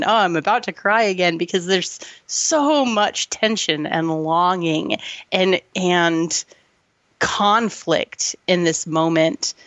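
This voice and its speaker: A woman's voice: mid-range voice, fairly bright tone, no room sound, muffled recording. Gushing woman podcast co-host, dry sound. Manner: emotional, gushing, laughs often. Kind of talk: casual film review chat.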